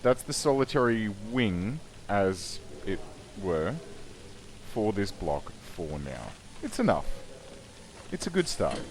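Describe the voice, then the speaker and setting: Low-pitched, lively male let's player, wry and chatty, faint background noise. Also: slow. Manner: wry, chatty, self-correcting. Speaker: gaming YouTuber. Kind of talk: let's play commentary.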